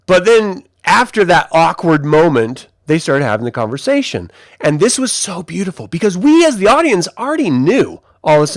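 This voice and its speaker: Man, high voice, swooping lively delivery, casual TV review, profane, rambling. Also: no room sound. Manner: animated, profane, rambling with fillers. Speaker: TV episode reviewer.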